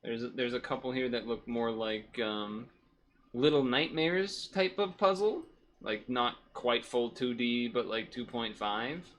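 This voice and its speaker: A man's voice: mid-range voice, level tone, a little slow, few pauses, a bit bright. A man streaming from home, chatting casually in a rambling, self-correcting way while hot and sweaty.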